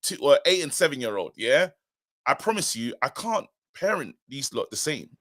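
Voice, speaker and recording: A man's voice: medium pitch, normal speed. A man in his thirties, co-hosting a football fan live stream in casual, emphatic chat that repeats its points. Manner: animated, emphatic, repeats himself. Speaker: co-host of a football fan show.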